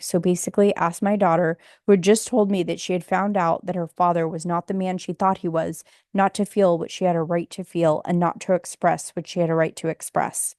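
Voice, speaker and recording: A woman reading a memoir audiobook in a steady, subdued, somber way. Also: lowish voice, dry recording, studio quality. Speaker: audiobook narrator.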